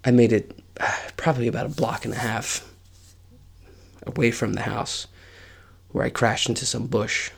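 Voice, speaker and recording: A man in his forties tells a story on his own podcast, with a gravelly, creaky edge to his voice. He talks casually and with life, and his pitch sits right in the middle. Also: little pitch movement, moderate pace, pauses often. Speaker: podcast host.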